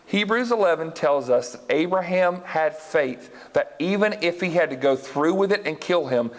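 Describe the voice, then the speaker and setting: A man teaching a live Bible lesson in an animated way, quizzing his audience and reading scripture aloud. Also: a little high, normal speed. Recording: long hall reverb.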